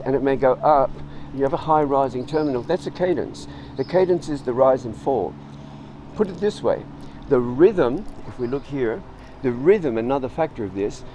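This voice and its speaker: A middle-aged man teaching a writing tutorial in a relaxed, informal way, explaining word origins and acting out short lines of example dialogue. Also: mid-range voice, slight background noise, poor audio.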